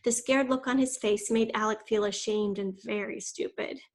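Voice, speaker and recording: A woman reading a children's novel aloud, expressive, voicing the characters' lines. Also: mid-range voice, normal speed. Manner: expressive, voices quoted lines. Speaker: reader.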